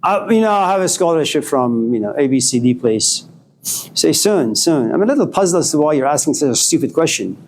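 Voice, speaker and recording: A man's voice: a little high, a little fast, a little hiss or hum. A male philosophy professor giving a classroom lecture, telling stories and acting out talks with students. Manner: animated storytelling, acting out dialogues with students.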